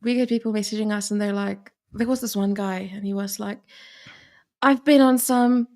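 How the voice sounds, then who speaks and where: A woman's voice: medium pitch, flat delivery, fairly quick, gravelly, mellow. A woman with an Afrikaans accent from South Africa, co-hosting a casual chat and telling stories with lots of laughs and quoted asides. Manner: giggly storytelling with quoted asides. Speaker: co-host.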